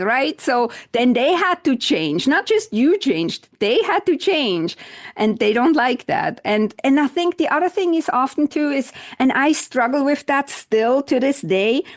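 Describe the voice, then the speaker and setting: Woman guest, decluttering coach, fairly high voice, thoughtful and explanatory, murmurs agreement often. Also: expressive, unhurried. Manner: thoughtful, explains ideas step by step; frequent backchannel murmurs. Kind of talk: casual interview chat.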